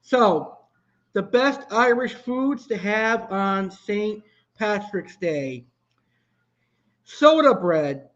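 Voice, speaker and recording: Chatty high-voiced man hosting a cooking stream. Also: animated, very slow, long pauses, fairly bright tone, lo-fi sound. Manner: chatty, answers viewer comments. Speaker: live cooking show host. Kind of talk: casual live-stream chat.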